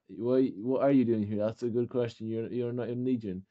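A man's voice: mid-range voice, fairly even intonation, a little fast. Bossy accented man barking orders in voice chat. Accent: non-native English. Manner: bossy, impatient, swearing. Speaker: clan leader organizing a training match. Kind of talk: casual gaming voice chat. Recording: dull lo-fi game voice chat.

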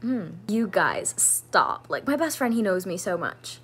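A woman's voice: medium pitch, big pitch swings, unhurried, noisy background. A woman in her twenties talking through gifts in a casual vlog, gushing and gasping, saying "like" and "oh my gosh" a lot. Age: 20s. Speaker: vlogger.

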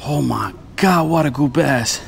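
A man vlogging while fishing outdoors on a lapel mic, talking casually and excitably, with "man" and "bro" in every sentence. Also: fairly high pitch, measured pace, vocal fry, slight background noise. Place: outdoors by the water.

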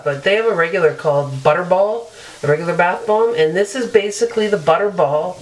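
A woman's voice: lowish voice, normal speed, a little hiss or hum, poor audio. A woman beauty vlogger chatting casually through a product demo in her bathroom, upbeat and loose with fillers.

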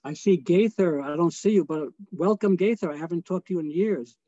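A man, a choral conductor, gives a relaxed and chatty lecture over a video call and sings short phrases to show his points. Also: sits high, a little fast. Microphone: video call microphone. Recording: dull, dry video call audio.

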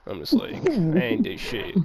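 A man's voice: normal speed, low-quality recording. A man casually telling a rambling, profanity-laced story, acting out bits of dialogue, with crowd chatter behind. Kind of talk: casual chat.

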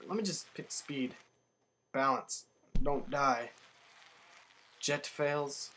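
A man giving casual, excitable commentary while playing a video game, jumping up in pitch whenever he survives. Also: drawn-out words, a little hiss or hum. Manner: excitable, yelps upward when surviving. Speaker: let's play gamer.

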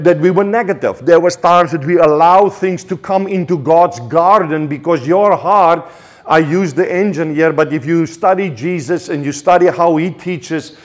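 Passionate South African preacher man. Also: fairly high pitch. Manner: passionate, repetitive, with stammered restarts. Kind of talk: sermon.

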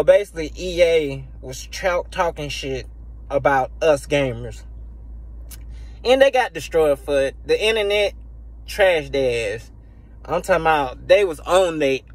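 A man ranting casually and profanely to camera about video games, laughing often, recorded on a phone. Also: sits high. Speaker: gaming YouTuber.

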